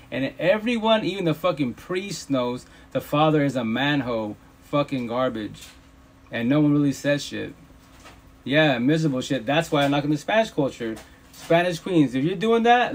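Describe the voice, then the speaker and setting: A man's voice: fairly high pitch, a little mellow. A man hosting a livestream, ranting in a casual, preachy way, emphatic and profane, repeating himself. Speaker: livestream host. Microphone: phone livestream.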